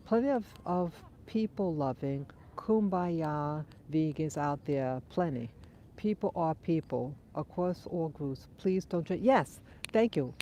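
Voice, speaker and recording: A woman with a lowish, mellow voice talks thoughtfully into her phone while out walking her dogs. She has a runny nose and answers viewers' comments in an easygoing live-stream chat. Faint outdoor ambience sits behind her. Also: expressive, slow pace, slight background noise. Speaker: livestream host. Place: outdoors on a dog walk.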